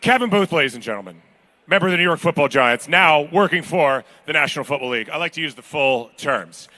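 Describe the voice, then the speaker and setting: High bright-voiced charity auctioneer man. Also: animated. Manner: fast bid-calling, joking with the crowd. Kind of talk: live charity auction calling. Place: large banquet hall at a gala.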